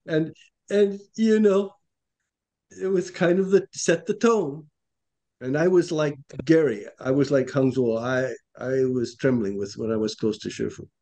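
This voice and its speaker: An older man, a former monk, recalling the past in casual talk, self-deprecating and quick to laugh. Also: mid-range voice, fairly even intonation, dark tone. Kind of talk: reminiscing conversation.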